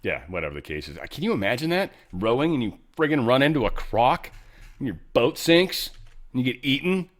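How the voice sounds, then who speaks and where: A male show host talks through the news in a loose, rambling commentary, blunt and quick to swear. His voice sits at an ordinary middle pitch, nothing unusual in tone. He wanders off into asides and comes back. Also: very animated. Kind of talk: casual political commentary.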